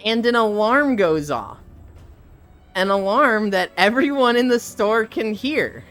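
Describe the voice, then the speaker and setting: Walking and chatting on a live stream, this speaker has a medium pitch and a very animated, slightly bright delivery, going slowly with frequent pauses. Faint music plays behind as they recount funny stories, swearing, laughing a lot and imitating the people they quote.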